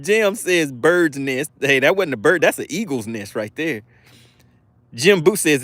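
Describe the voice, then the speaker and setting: A man's voice: fairly high pitch, expressive, unhurried, fairly bright tone, no room sound. A man hosting a live fishing stream outdoors, reading viewer chat aloud and teasing them playfully. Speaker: fishing livestream host. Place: outdoors by the water.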